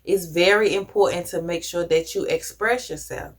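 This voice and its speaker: A woman's voice: on the low side, normal speed. A woman vlogger talking earnestly to camera, giving conversational advice with casual slang. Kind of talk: reflective personal talk to camera.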